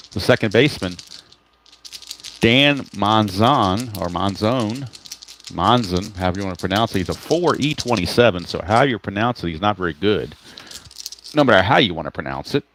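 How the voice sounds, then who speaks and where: A man's voice: fairly low pitch, lively intonation, brisk, a bit bright, slight background noise, rough recording. A man calling a solo tabletop baseball game in a casual play-by-play style, chatty and self-correcting, muttering to himself while he hunts for cards.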